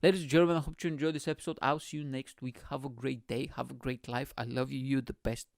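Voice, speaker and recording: A man's voice: mid-range voice, level tone, fast, gravelly, no room sound, clean studio sound. A man hosting his own podcast, telling a crude, self-mocking comic story. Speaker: podcast host.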